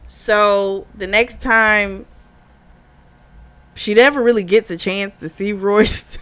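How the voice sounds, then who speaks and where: A young adult woman who hosts a book club, retelling a novel's plot in casual, animated chat. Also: medium pitch, slow pace. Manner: chatty, animated retelling with quoted dialogue and laughs.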